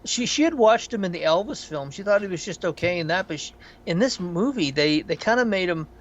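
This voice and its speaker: On a lo-fi recording, a podcast co-host with a high-pitched, brisk voice chats casually about a film. His review rambles, full of profanity and animated storytelling.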